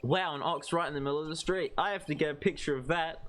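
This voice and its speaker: A man's voice: a little high, fast talker, a bit bright, slight background noise, close to an everyday voice. Phoenix Wright, read by a man. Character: earnest young male lawyer abroad. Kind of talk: reading game dialogue aloud.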